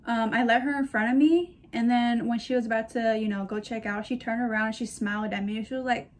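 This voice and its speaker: A woman's voice: fairly high pitch, steady tone, quick pace. A woman in her twenties chatting casually as a shopping vlogger, gushing and telling stories. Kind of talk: casual chat to camera.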